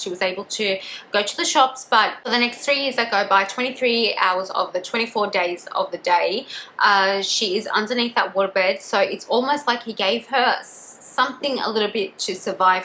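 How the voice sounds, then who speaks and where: A young woman vlogger tells a true-crime story in a loose, casual way. Her voice is bright and forward. She rambles, full of fillers and restarts. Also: mid-range voice, slight background noise, low-quality recording.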